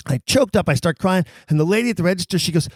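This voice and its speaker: A man's voice: high-pitched, lively intonation, racing, dry recording, studio quality. A man co-hosting a podcast, telling a story in casual conversation and acting out the people he quotes. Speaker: podcast co-host.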